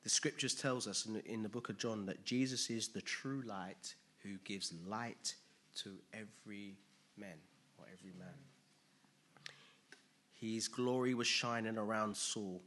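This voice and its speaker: A man preaching a sermon, emphatic and animated, asking his listeners rhetorical questions. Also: lowish voice, unhurried.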